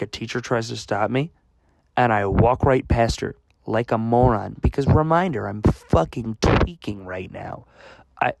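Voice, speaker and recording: A young American man with a mid-range, darkish voice and vocal fry tells a casual vlog story. It rambles and pokes fun at himself, full of fillers and restarts, recorded with no room sound.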